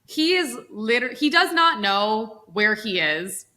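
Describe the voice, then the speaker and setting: Bright, animated woman podcast co-host. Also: a little high, takes it slowly. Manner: animated, profane, mimics voices. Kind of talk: casual political chat.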